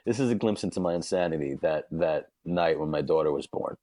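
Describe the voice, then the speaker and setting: A man's voice: very deep voice, fairly quick, warm tone, no echo. A man, a podcast guest, telling a comic story with big energy, often laughing mid-sentence and acting out the quotes.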